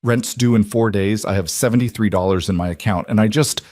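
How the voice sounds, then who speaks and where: A man voicing a frightened young single mother, crying and breathless, in halting sentences. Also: mid-range voice, big pitch swings, darkish tone, dry recording, clean studio sound. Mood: panicked.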